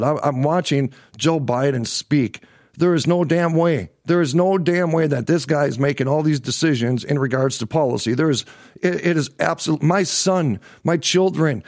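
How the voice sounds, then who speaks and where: A middle-aged man hosting a livestream political show rants angrily, swearing and repeating himself for emphasis. His voice is a little high and a little mellow, captured in clean studio sound without echo.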